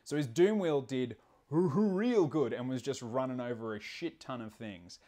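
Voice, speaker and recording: A man's voice: medium pitch, normal speed, warm tone. A man hosting a casual livestream, laid-back and profane, rambling with plenty of fillers. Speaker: stream host.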